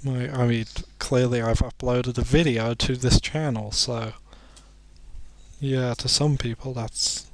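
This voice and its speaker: Drowsy male let's-player, mid-pitched voice, dry close sound, rambles and mocks his own jokes. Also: fairly even intonation, slow pace, dry recording. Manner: rambling, self-deprecating jokes, muttering asides. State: sleepy, yawning. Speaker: let's play commentator. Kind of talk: casual game commentary.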